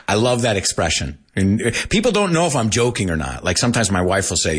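A man with a low, husky voice runs an English lesson, explaining each new word in Spanish as well. His delivery is highly animated, and his pitch leaps up and down as he goes. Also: brisk. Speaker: English teacher. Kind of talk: bilingual language lesson.

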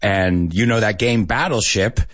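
A man's voice: lowish voice, a little slow, fairly bright tone, dry recording, studio quality. A man hosting a casual bilingual chat, switching between English and Spanish as he talks and chuckling often. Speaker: podcast host teaching Spanish speakers English.

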